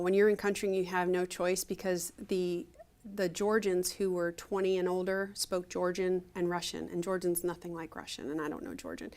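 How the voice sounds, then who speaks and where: A middle-aged woman from Ohio with a low-pitched voice talks through her service memories. She rambles in a friendly storytelling way, with many restarts and "you know"s. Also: vocal fry. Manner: chatty storytelling, frequent fillers and restarts. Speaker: retired Air Force officer, interviewee. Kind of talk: conversational oral history interview.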